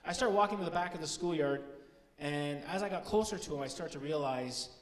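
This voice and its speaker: A middle-aged man from Canada with a Canadian accent, doing animated stand-up storytelling on stage and jumping into high, shouted bits. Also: a little fast. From Timmins, Ontario, Canada. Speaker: stand-up comedian. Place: stage in a large hall. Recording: roomy hall with long reverb.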